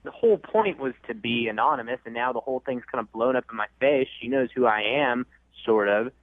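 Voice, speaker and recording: A man's voice: mid-range voice, fairly quick, no echo. A man calling into a radio show, hesitant and defensive. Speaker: caller. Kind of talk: phone-in chat. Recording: tinny phone line on radio.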